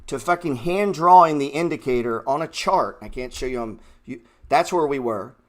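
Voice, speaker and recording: A man's voice: mid-range voice, expressive, normal speed. Heated, profane man ranting about trading. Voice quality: blunt, swearing, heated. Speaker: trading show host.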